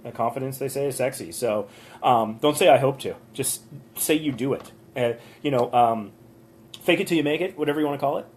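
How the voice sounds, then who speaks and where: A man's voice: medium pitch, a little fast, a little hiss or hum. A man hosting a live stream from a motel room on his phone, chatting loosely through viewers' channel reviews with lots of ums and the odd rant. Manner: chatty, rambling, with frequent ums and small rants. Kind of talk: casual live-stream commentary.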